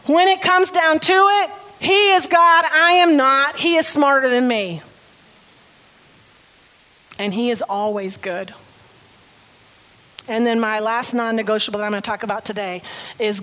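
Slow, high-voiced woman preaching. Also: a bit bright, rough recording. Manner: earnest, emphatic, slow stresses on key phrases. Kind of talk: sermon.

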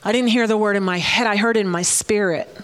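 A middle-aged woman pastor giving a sermon, emotional and often near tears, laughing between lively asides. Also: medium pitch, fast talker. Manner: emotional, tearful, laughing and animated. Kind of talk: sermon with personal prophetic words.

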